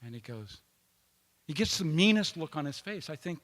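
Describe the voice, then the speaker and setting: A man's voice: a little high, very animated, moderate pace. Man telling a story in an echoing hall. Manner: conversational, with restarts and acted quotes. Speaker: speaker at a peace conference. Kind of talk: personal storytelling speech. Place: conference hall. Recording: long reverb of a hall.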